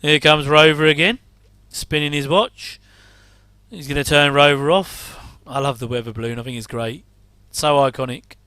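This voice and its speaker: A man's voice: a little high, fairly even intonation, moderate pace, bright, forceful tone, clean tone, no echo. A middle-aged man giving rambling casual commentary while watching an old TV episode, with wry asides and chuckles.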